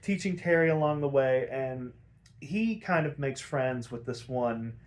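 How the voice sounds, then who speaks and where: A young podcast host with a mid-range voice casually recaps a cartoon episode at an unhurried pace. He rambles and swears, animatedly retelling the plot and acting out the characters' lines.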